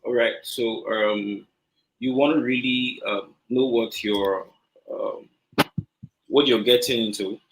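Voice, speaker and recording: A man's voice: medium pitch, steady tone, takes it slowly, slight background noise. Nigerian-accented male tech speaker, hesitant, filler-heavy delivery. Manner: hesitant, many fillers and restarts. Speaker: conference speaker. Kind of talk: conference talk.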